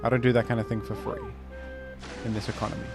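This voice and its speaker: A man's voice: medium pitch, flat delivery, fast, vocal fry, over loud music. A young man streaming a game, reading chat with dry, joking banter. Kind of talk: casual gameplay commentary.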